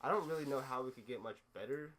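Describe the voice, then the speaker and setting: A man's voice: mid-range voice, fast talker, fairly bright tone, slight background noise. A young man co-hosting a podcast, riffing on silly ideas and laughing often in casual chat. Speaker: podcast co-host.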